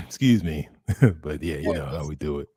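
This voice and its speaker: A man with a Southern American accent, a guest on a casual livestream chat, husky and a little under the weather, laid-back. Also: extremely low pitch, big pitch swings, moderate pace, a little mellow, dry recording, studio quality.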